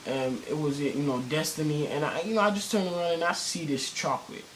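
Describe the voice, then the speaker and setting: A man's voice: fairly high pitch, animated, brisk, a little hiss or hum, poor audio. Rambling slangy teenage guy. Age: teens. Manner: rambling, many fillers and restarts; cursing, slangy. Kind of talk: casual storytelling vlog.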